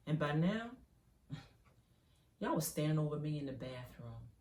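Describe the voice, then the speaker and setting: A woman performing an intense dramatic monologue, swinging from hushed to loud as she tells it. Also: sits low, sing-song, unhurried, long pauses. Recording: roomy, from a distance.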